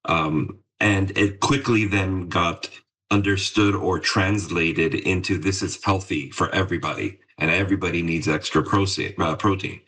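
Male expert guest, low and husky, relaxed and good-humored. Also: normal speed, rough recording. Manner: good-humored, chuckling, loose. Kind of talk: radio interview.

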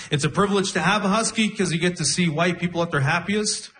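A young man performing a stand-up comedy set, telling stories deadpan and laughing at his own jokes. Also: sits high, quick pace, few pauses, heavy background noise. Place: comedy club stage with audience.

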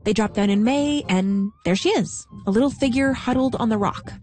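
A woman's voice: a little high, moderate pace, a little mellow, soft background music. A woman hosting a podcast, telling the story vividly and adding playful asides. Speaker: podcast host. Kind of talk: storytelling narration mixed with chat.

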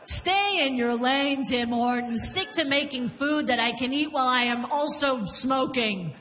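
Brief: high-pitched female comic on a handheld mic, lively, long reverb of the venue. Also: measured pace. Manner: animated, laughs through punchlines, jumps into character voices. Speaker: stand-up comedian. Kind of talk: stand-up comedy set. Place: comedy club stage.

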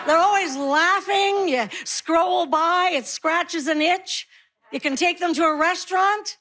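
Wry high-voiced woman in her sixties doing stand-up. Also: background noise. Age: 60s. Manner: wry, punchy delivery with quick asides. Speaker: stand-up comedian. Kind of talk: stand-up comedy set.

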